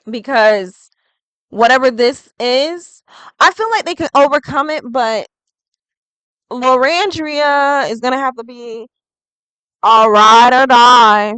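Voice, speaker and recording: A woman's voice: on the high side, fairly bright tone, clean tone, no echo, poor audio. A woman doing a casual tarot reading vlog, chatty and rambling, full of "like". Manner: chatty and rambling, heavy use of "like". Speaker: tarot reader.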